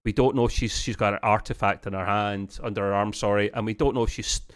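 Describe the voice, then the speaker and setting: A man's voice: lowish voice, steady tone, fast talker. A man co-hosting a casual podcast review of a TV episode, rambling along with many restarts and fillers and laughing often.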